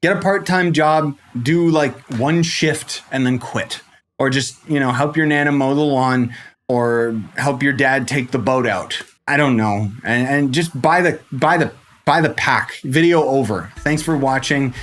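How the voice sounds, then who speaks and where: A man giving casual commentary for a game tutorial, rambling playfully with jokey asides and sudden jumps in pitch, into a desk microphone. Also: a little slow, fairly bright tone. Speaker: game guide creator.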